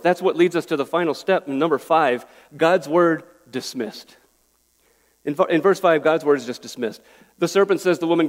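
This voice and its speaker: A pastor preaching an earnest, pleading sermon, a man who often restarts his words. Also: fairly high pitch. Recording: echoey hall with long reverb.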